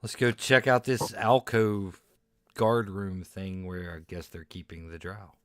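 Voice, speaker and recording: A man with a low voice plays a tabletop game, taking it slow and halting on fillers. The sound is dry and close. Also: flat delivery, dry recording. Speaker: player. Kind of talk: casual tabletop chat.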